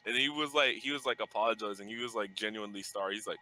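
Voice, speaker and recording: Young man, podcast host. Very bright, crisp voice. Loose, profane, casual storyteller. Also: on the low side, rapid-fire, hardly any pauses, rough recording. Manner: loose, swearing, laughs through his own story.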